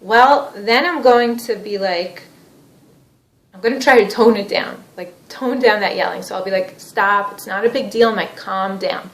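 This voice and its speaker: A flustered wife in a therapy role-play, played by a woman, shocked and eager to smooth things over. Her voice lifts a little higher than plain talk. The room is echoey. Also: a little slow, natural voice. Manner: flustered, conciliatory.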